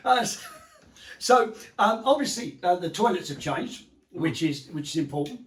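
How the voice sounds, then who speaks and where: A man's voice: high-pitched, expressive, moderate pace, fairly bright tone. A man co-hosting a pastors' podcast, teasing his guest with playful questions. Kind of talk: casual podcast chat. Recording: roomy, distant mic.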